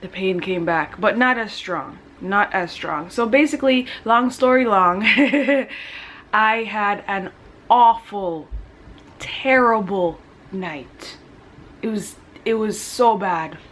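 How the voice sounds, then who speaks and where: Young mom vlogger chatting to camera, animated storytelling, acts out what she said. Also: mid-range voice, takes it slowly. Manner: animated, acts out her own cries and quotes. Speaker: family vlogger.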